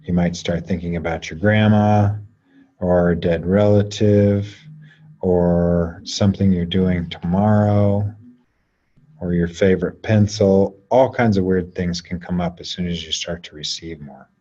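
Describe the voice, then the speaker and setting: A man leading an online class through a guided energy exercise, talking slowly and coaxingly with long pauses. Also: low-pitched, fairly even intonation, dark tone. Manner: slow, soothing, coaxing delivery with drawn-out pauses. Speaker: class leader. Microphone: video call. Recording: lo-fi video call audio.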